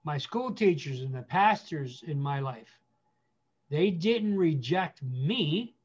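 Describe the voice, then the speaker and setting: A man speaking as a guest pastor, giving earnest counsel with emphatic repetition, slowing down to stress key phrases. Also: on the high side, lively intonation, darkish tone, husky, muffled recording.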